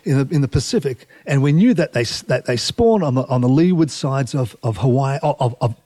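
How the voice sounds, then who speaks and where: A middle-aged man, a marine scientist telling stories as a guest, animated and often laughing. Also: mid-range voice, a little fast, no room sound. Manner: animated, laughs often, restarts mid-phrase. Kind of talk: casual storytelling chat.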